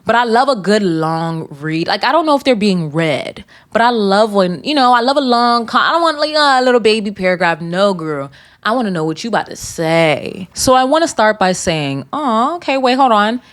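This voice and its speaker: A woman's voice: medium pitch, moderate pace. A young woman hosting a podcast, reading listener comments aloud and reacting bluntly with plenty of swearing. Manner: blunt and profane, reacting with animated asides. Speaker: podcast host.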